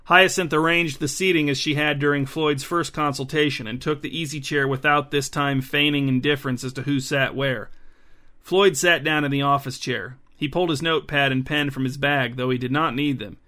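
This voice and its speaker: Bright-voiced male audiobook narrator. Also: medium pitch, fairly even intonation, moderate pace. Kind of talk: scripted narration.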